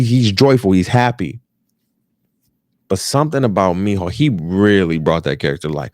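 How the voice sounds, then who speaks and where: Animated, profane American man ranting. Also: medium pitch, no echo, clean studio sound. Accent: African American English. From United States. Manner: animated, profane, repeats phrases for emphasis. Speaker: podcast host. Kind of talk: casual ranting commentary.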